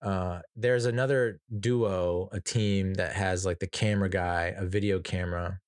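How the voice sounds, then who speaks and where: A man's voice: low-pitched, steady tone, measured pace, clear, resonant tone, no echo, studio quality. A man hosting a podcast, casually reviewing a film in a rambling, profane way with many fillers and restarts and chuckling at his own jokes. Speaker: movie reviewer, podcast host. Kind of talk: casual movie review chat.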